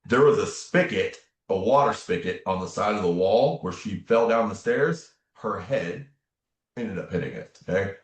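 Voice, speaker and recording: A man's voice: fairly low pitch, animated, moderate pace. A man talking as an interview guest, telling a personal story in an earnest, casual way and often adding "man" and "right?". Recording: echoey room.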